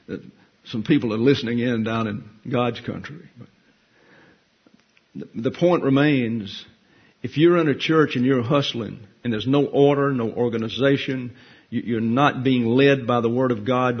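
A man delivers a conversational sermon full of self-deprecating jokes. His voice is slightly husky and sits at a middle pitch. The recording sounds dull and lo-fi. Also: fairly even intonation, normal speed. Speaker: pastor teacher. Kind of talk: folksy sermon.

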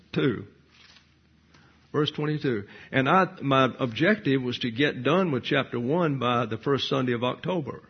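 A man's voice: medium pitch, husky, highs cut off. A man preaching a verse-by-verse sermon, teaching point by point, answering his own rhetorical questions and dropping dry, wry asides.

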